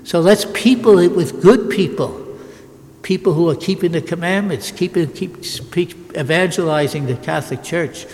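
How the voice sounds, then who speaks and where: A man's voice: fairly high pitch, moderate pace, darkish tone, in a large hall. An older man, a Catholic priest, giving an emphatic sermon with repeated phrases and frequent restarts.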